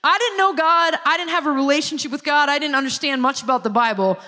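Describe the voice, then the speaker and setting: A woman giving a sermon-style personal testimony, a lively storyteller who acts out the people she quotes. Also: high-pitched, fast. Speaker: speaker giving a church testimony. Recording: long reverb of a large hall.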